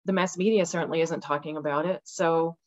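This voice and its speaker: Woman guest, casual and animated, lower voice, lo-fi call audio. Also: a little fast. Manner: animated, acts out voices with laughs. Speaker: guest author. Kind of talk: casual interview conversation. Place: rural home with dogs.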